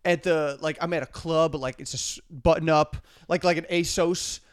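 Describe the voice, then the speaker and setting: A man's voice: a little high, steady tone, moderate pace. A man co-hosting a podcast, telling a story with casual humor, acting out the quotes and defending himself insistently. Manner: acts out quotes in different voices. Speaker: podcast co-host.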